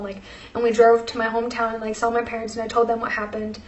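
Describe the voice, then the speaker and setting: A woman's voice: on the high side, fairly even intonation, normal speed, fairly bright tone, reverberant, slight background noise. A young woman vlogger telling a personal story in casual chat, full of fillers, emotional and close to tears. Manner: chatty, many fillers, tearful and laughing.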